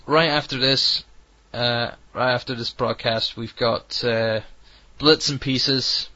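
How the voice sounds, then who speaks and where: A radio host talks his way through the end of his show in a slow, loose, chatty ramble. His voice has a bright, pushing edge and sits close and dry. The recording is a little dull and lo-fi. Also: mid-range voice, fairly even intonation, dry recording. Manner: rambling, self-correcting, chatty. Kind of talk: casual radio sign-off chat.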